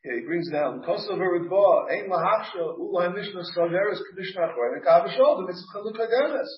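Rabbi giving a Talmud class, halting and full of restarts, slightly high, muffled lo-fi sound. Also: male voice, animated. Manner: halting explanations with frequent restarts and Hebrew terms. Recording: roomy, distant, muffled class recording.

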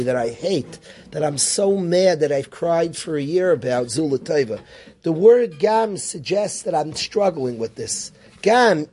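Rebbe guy teaching torah, warm mellow voice, kinda high, asks lots of questions. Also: husky. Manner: animated, rhetorical questions, Yiddish-Hebrew terms. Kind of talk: Torah class.

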